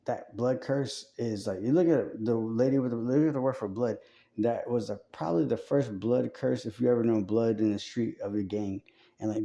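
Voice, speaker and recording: Gravelly man rambling casually. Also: mid-range voice, warm tone. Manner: rambling, profane, heavy on fillers.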